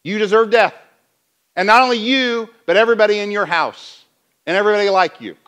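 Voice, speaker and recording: A man's voice: high-pitched, brisk, a bit bright, clear, resonant tone. Jealous king, male, harsh and blunt, as a preacher puts him on.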